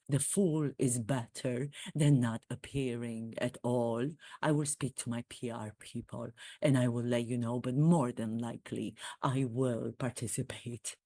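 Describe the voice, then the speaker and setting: Performer playing a self-mocking royal prince, formal stiff speech, slow delivery, dry close sound. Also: mid-range voice, darkish tone, no echo. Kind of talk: comic impression monologue.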